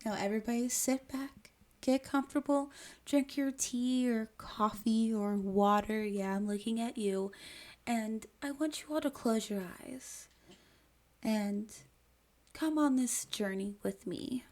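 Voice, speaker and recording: A woman's voice: a little high, steady tone, measured pace, a little mellow. A woman hosting a mythology channel, narrating in a casual educational way with chatty asides to the viewer and jokes about her own pronunciation. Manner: self-deprecating about pronunciation.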